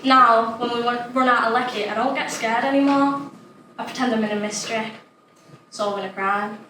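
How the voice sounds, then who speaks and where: A woman's voice: a little high, steady tone, moderate pace, sharp tone, slight background noise. A woman playing an imaginative, chatty young child, delivering a dramatic monologue, childlike and plain-spoken. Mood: wistful. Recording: roomy echo, distant mic, faint ambience.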